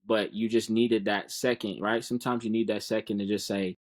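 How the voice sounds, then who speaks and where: A man's voice: on the low side, little pitch movement, normal speed, a little mellow. A man speaking as a guest in a casual podcast interview, earnest and encouraging, often repeating words while he finds them.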